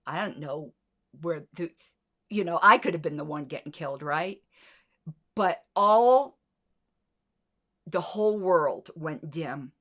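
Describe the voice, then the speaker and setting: A woman's voice: sits low, moderate pace, sharp tone. A middle-aged woman hosting a political commentary livestream, blunt, sarcastic and indignant, with plenty of swearing. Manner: sarcastic rhetorical questions.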